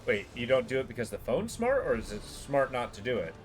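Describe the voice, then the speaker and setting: Guy streaming a game, rambly chat w/ viewers, voice jumps all over, music quiet in back. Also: mid-range voice, very animated, fairly quick. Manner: chatty, rambling, lots of fillers. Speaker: livestreamer chatting with viewers. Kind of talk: casual chat while gaming.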